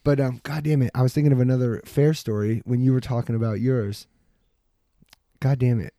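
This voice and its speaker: A man's voice: mid-range voice, steady tone, brisk, warm tone, no room sound. A man hosting a podcast, telling a rowdy story in casual chat, swearing freely and acting out what people said. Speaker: podcast host.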